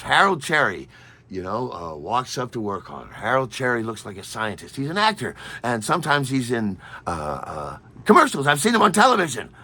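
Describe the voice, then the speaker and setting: Brief: low-voiced male storyteller with a lively, swooping delivery and a wry, rambling humor. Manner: animated, digressive, wry. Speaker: storyteller host.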